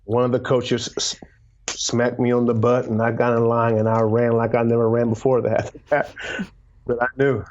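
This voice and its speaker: A man's voice: medium pitch, flat delivery, normal speed, darkish tone, a little hiss or hum. A man telling a motivational story as a guest, emphatic, repeating words and dropping to a near whisper for emphasis. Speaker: guest, former pro football player and author. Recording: dull lo-fi sound.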